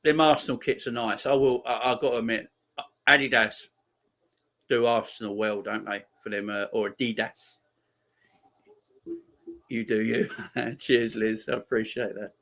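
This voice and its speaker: Excitable man in his forties. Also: medium pitch. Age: 40s. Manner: chatty, excitable, banters with and answers live chat. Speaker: streamer. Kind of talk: live football watchalong commentary.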